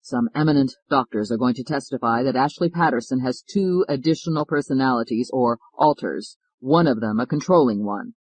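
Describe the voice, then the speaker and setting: A man voicing a hoarse, feverish defense lawyer. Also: medium pitch, brisk, few pauses, lightly acted, poor audio. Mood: earnest.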